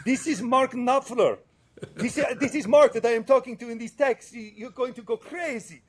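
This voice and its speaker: A man putting on the high, excited voice of a male friend who is bursting with big news, in a casual interview. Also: normal speed. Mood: thrilled. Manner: high-pitched, gushing.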